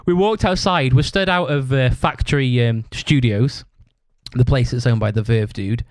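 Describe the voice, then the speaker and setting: A man's voice: mid-range voice, moderate pace, no room sound. A man hosting a podcast, rambling through a story in casual chat, swearing constantly. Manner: acts out other people's shouted lines. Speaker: podcast host.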